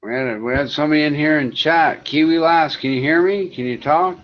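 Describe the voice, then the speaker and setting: A man's voice: fairly high pitch, a little fast, muffled recording. A man moderating a casual online voice chat, talking bluntly, with lots of swearing and exasperation.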